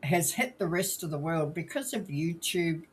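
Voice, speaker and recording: A podcast co-host with a New Zealand accent, talking slowly and hesitantly in casual chat. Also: medium pitch, animated, a little hiss or hum. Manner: slow, hesitant, with fillers.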